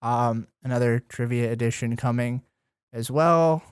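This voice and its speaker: A man co-hosts a podcast, running through the news in a casual, easygoing chat full of ums and likes. His voice is medium-pitched, smooth, and a little slow. The studio sound is clean, with no echo.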